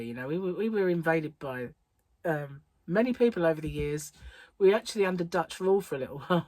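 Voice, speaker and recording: In a casual crochet vlog, a middle-aged woman talks from her English island home, wandering from topic to topic and laughing a lot. The recording is dry and her pitch is fairly low.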